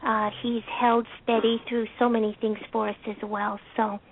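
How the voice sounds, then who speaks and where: A woman calling in to a talk show by phone, speaking in a heartfelt, halting and soft-spoken way. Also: on the high side, level tone. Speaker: caller. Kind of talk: emotional call-in testimony. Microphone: telephone. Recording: tinny phone line.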